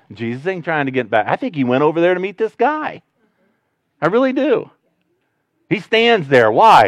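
Male pastor, sermon delivery, smooth clear tone, dry close sound, conversational with big swings from loud to hushed. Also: on the high side, dry recording. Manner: conversational, animated preaching with sudden loud rises and quiet drops.

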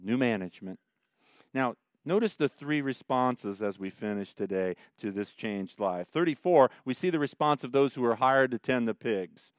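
A man's voice: mid-range voice, normal speed, dry recording, clean studio sound. A man teaching a Bible study in a folksy, joking way, telling stories between verses. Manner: folksy storytelling with lively jokes. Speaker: pastor leading a Bible study.

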